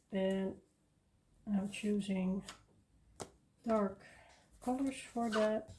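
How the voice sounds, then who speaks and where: A woman talks through her coloring session at an unhurried pace, thinking aloud as she works. Her voice is dark and mellow. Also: medium pitch. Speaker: coloring video host. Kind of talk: casual coloring commentary.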